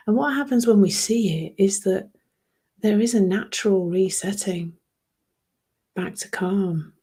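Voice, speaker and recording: A woman hosting a reflective solo podcast in a soft, emotional way, often laughing and dropping into whispers. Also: medium pitch, vocal fry, breathy edge. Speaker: podcast host.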